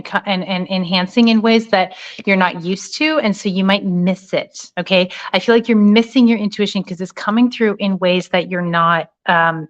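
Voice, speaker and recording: A woman's voice: on the low side, lo-fi sound. A middle-aged woman giving a live tarot reading over her phone, chatty and affectionate, with many fillers. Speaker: spiritual reader.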